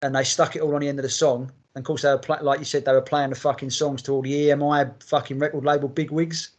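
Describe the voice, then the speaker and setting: A man's voice: medium pitch, flat delivery, fast talker. Sweary man in casual chat. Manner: rambling, heavy swearing, enthusiastic fan talk. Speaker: podcast host.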